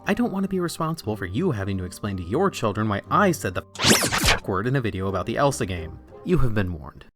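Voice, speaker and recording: A man's voice: on the low side, sing-song, fast talker, loud music behind the voice. A young man hosting a scripted, comedic review with a sarcastic, irreverent delivery. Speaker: video essay host.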